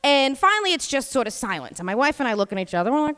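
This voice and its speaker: Woman, New York accent, comic stage storyteller, chatty asides, high voice, long theater reverb. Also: big pitch swings, racing, fairly bright tone, smooth. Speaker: host and storyteller. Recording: reverberant live theater sound.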